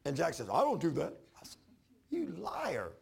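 Gravelly pastor telling stories. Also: male voice, fairly high pitch, moderate pace. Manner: folksy storytelling with animated retold dialogue. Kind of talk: sermon.

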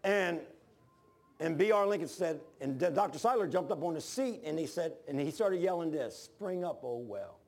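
A man preaching a sermon, telling stories with animated bursts of shouting. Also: a little high, normal speed.

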